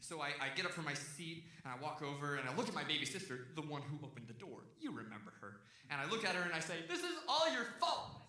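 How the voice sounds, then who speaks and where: A young man from Texas telling a long stand-up story on stage, jumping into loud shouted voices for the people in it. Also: on the high side, fast talker. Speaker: stand-up comedian. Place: comedy stage before a live audience. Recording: echoey venue heard from a distance.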